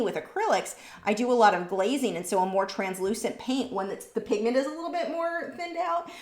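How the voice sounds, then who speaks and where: A woman hosting a live painting stream, chatting casually and answering viewer questions, warm and talkative. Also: medium pitch, echoey room. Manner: warm, chatty, easily moved, laughs between words.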